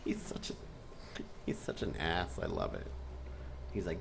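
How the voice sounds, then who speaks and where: A man talking through a fantasy episode breakdown, animated and excitable, and he laughs often. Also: low-pitched, a little slow, creaky, a little hiss or hum. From Texas. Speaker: show reviewer.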